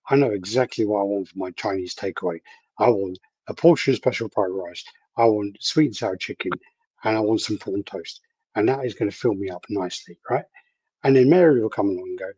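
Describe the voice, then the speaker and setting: A man's voice: on the low side, dark tone, slightly rough, dry recording, muffled recording. A man co-hosting a podcast in casual chat, telling crude stories with mock quotes. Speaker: podcast co-host.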